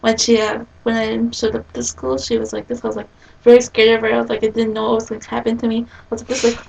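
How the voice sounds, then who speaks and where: A woman's voice: on the high side, quick pace, gravelly, darkish tone, muffled recording, a little hiss or hum. A young woman chatting casually in a video blog, rambling through stories with lots of giggling and acted-out quotes. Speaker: vlogger. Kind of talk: casual chat. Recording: distant from the mic.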